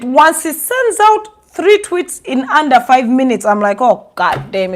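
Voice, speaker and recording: A young Ugandan woman with a Ugandan accent giving sarcastic, animated commentary, switching languages mid-sentence. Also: high-pitched, a little slow, hardly any pauses. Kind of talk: casual commentary monologue.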